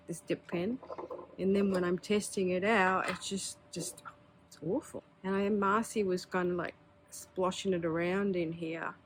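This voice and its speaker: A chatty woman, talking candidly through a casual show-and-tell. Her voice sits a little low. A faint hum of room ambience runs underneath. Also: darkish tone. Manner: chatty and candid, with filler words and laughs. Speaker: pen hobby vlogger.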